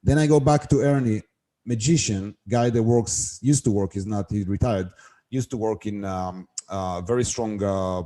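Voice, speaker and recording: A man's voice: fairly low pitch, normal speed, dark tone. A middle-aged man, a guest on an interview show, telling a business story and acting out the dialogue as he goes. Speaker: guest, wholesale seller.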